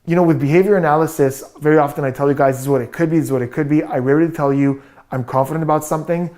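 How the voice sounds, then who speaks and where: A man commenting on a video clip as a body language analyst, explaining gestures confidently in quick bursts. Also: on the high side, steady tone, a little mellow.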